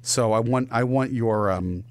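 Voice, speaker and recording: A man's voice: medium pitch, a little slow. A man hosting a podcast, chatting enthusiastically and rambling with restarts. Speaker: podcast host. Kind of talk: casual chat.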